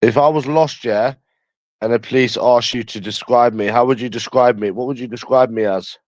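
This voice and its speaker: A man's voice: mid-range voice, steady tone, moderate pace, dry recording, poor audio. A young man with a London accent chatting casually with viewers, teasing them by asking the same questions over and over.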